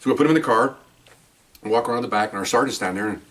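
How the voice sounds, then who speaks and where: An older man, a retired police officer, tells a story in a casual, animated way, acting out voices and restarting his sentences. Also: medium pitch, very fast, recorded from a distance. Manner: animated, acts out voices, laughs, many restarts.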